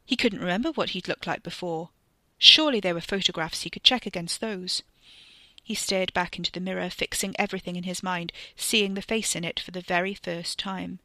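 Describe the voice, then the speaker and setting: Bright-voiced woman narrating a story. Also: lowish voice, moderate pace, no echo. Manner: expressive, tense storytelling. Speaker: reader. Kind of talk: scripted narration of a serial story.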